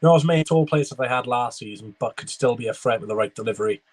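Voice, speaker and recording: A man's voice: mid-range voice, fast talker. A young man streaming a live football watchalong, giving running commentary and chatting with viewers. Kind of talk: live match reaction with chat replies.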